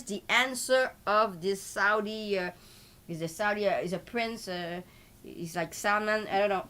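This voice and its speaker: A woman from Canada with a Quebec French accent, hosting a live market commentary in an excitable way and peppering her talk with filler tags. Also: mid-range voice. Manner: excitable, switches between French and English, full of filler tags. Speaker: host.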